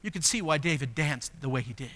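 A man preaching a sermon as pastor, moving from soft, low passages to loud, emphatic ones. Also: expressive, fast. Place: church sanctuary. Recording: long hall reverb.

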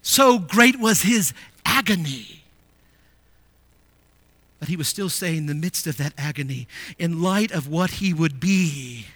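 A man preaching a sermon. He rises to emphatic declarations, drops to quiet asides and asks the congregation rhetorical questions. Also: sits high, animated, measured pace, long pauses, no echo. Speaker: pastor.

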